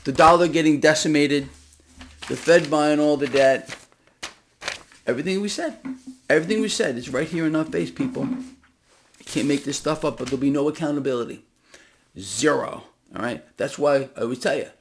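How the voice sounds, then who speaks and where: Agitated male finance vlogger, gravelly and a bit high-pitched, ranting with sarcastic punches. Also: a little hiss or hum. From United States. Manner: emphatic, ranting, sarcastic, rising to near-shouting. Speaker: finance commentator. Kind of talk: impassioned solo market commentary.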